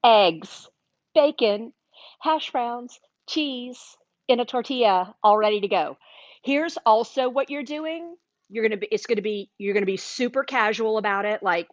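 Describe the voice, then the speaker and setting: A woman's voice: medium pitch, expressive, moderate pace, dry recording, dull audio. A woman hosting a live cooking demonstration in a kitchen, chatting enthusiastically with her viewers. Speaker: cooking show host. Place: home-style kitchen. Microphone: livestream camera mic.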